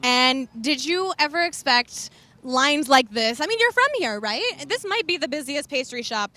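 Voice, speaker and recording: High, bright woman news reporter. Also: animated, moderate pace. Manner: upbeat, chatty, prompting. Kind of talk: live on-location report.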